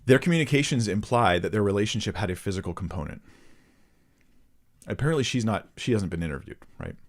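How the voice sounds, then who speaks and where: A man's voice: fairly low pitch, expressive, fast talker. A man hosting a ministry channel, reading a report aloud and stopping to comment earnestly to his viewers. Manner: earnest, addresses viewers directly. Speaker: host of a Christian ministry channel.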